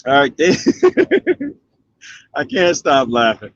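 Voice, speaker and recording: A man's voice: medium pitch, slow, no room sound, highs cut off. A middle-aged man casually chatting while reading viewer comments, laughing often and acting out quotes. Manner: animated, laughs often, mimics voices in quotes. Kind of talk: casual live comment chat.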